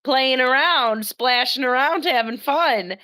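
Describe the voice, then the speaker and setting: A woman's voice: sits high, takes it slowly, sharp tone. A woman co-hosting a live stream, telling a story in a rambling, hesitant way. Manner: rambling, hesitant, with many fillers and restarts. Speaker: co-host, the host's sister. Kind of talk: casual storytelling chat.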